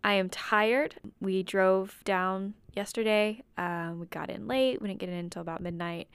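A woman co-hosting a podcast late at night, her voice sleepy with a gravelly fry running through it. She chats in a relaxed, easygoing way and laughs easily. She sits at a microphone on a stand, recorded dry and close with no room echo. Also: mid-range voice, normal speed. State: tired, sleepy voice. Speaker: podcast co-host. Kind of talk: casual chat. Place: room at parents' house at night.

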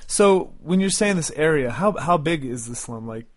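A man's voice: on the high side, animated, moderate pace, no room sound. A man hosting a casual interview, asking short curious follow-up questions. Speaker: podcast host.

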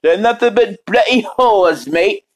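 A man putting on a high, rowdy, put-on British voice, playing a foul-mouthed man who hurls insults. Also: lively intonation, measured pace. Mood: mocking insults. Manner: shouting insults, cursing.

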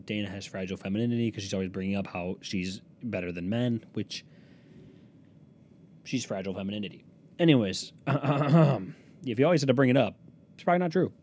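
Young male solo podcaster, low mellow voice, crude self-mocking rambler. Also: slight background noise. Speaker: podcast host. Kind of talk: solo comedic podcast monologue. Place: small room at a desk, recording alone. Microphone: desk microphone.

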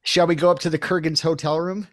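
A man's voice: fairly high pitch, little pitch movement, fast talker. A man co-hosting a casual movie podcast, playful and often laughing at his own jokes. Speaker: podcast co-host.

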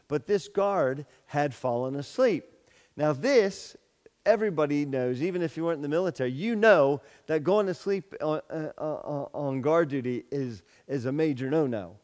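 A man preaching a sermon as pastor, telling a story with many restarts and repeated words, and raising his voice sharply for the lines of the story. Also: fairly high pitch. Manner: storytelling, repeats words, grows loud for dialogue. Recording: long hall reverb.

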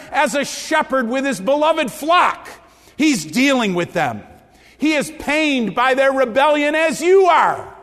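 High-voiced impassioned preacher in a reverberant hall. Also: male voice. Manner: impassioned, rising to near shouts then dropping low. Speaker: pastor. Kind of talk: sermon.

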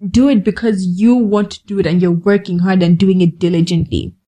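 A woman's voice: fairly low pitch, fairly even intonation, brisk, dark tone, rough recording. A woman hosting a podcast, giving a direct, conversational motivational monologue with scolding asides. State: cold, shivering. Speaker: podcast host.

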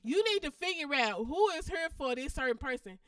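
A woman's voice: high-pitched, animated, a little fast, fairly bright tone, no room sound, recorded from a distance. A woman co-hosting a casual podcast, talking bluntly and emphatically with lots of profanity. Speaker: podcast co-host.

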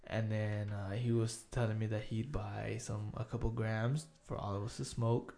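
Young male storyteller, casual, swears freely, gravelly voice. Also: on the low side, flat delivery, moderate pace, hardly any pauses, dark tone. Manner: profane, laughing storyteller. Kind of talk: casual chat.

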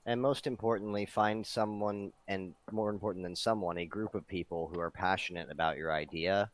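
Deep-voiced earnest man. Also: steady tone, brisk. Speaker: podcast host and interviewer. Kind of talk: casual chat.

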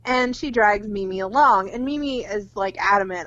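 A woman's voice: mid-range voice, normal speed, few pauses, fairly bright tone, no room sound. Woman recapping a film, dull dry mic. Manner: retells the plot with lots of "like" and acted quotes, swears freely. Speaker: podcast co-host. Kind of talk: casual movie recap chat.

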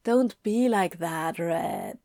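A woman's voice: fairly low pitch, unhurried, dry recording, studio quality. A woman doing a sly, teasing male demon. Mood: purring. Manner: sly, playful, coarse-mouthed. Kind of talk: audiobook reading of fan fiction.

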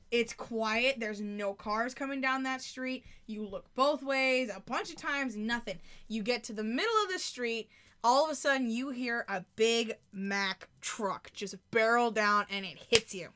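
A tired woman with a somewhat high voice chats on a casual podcast. She is blunt and teasing and tells stories in a dry, offhand way. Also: a little slow, fairly bright tone. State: tired after the gym. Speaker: co-host, host's girlfriend.

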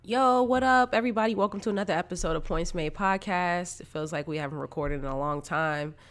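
Man, stuffed-up nose, gravelly fry, relaxed sports podcast host, rambling fillers. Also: sits high, fairly quick. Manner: loose, chatty, lots of fillers. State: congested. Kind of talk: casual sports podcast chat.

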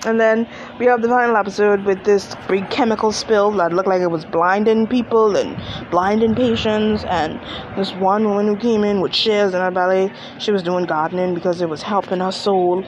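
A woman chatting casually through a TV episode recap, animated and gushing, laughing often. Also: medium pitch, moderate pace. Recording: muffled with loud vehicle noise.

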